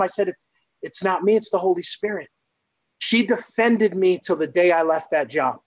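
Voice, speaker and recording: A man sharing his faith testimony as a guest, in earnest, animated storytelling. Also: sits high, normal speed, muffled recording. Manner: earnest, lively, acts out exclamations.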